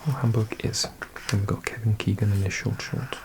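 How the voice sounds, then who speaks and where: A man with a Welsh accent, hosting an ASMR video and reading aloud in a slow, hushed mix of whisper and soft speech. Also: on the low side, steady tone, heavy background noise. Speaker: ASMR host.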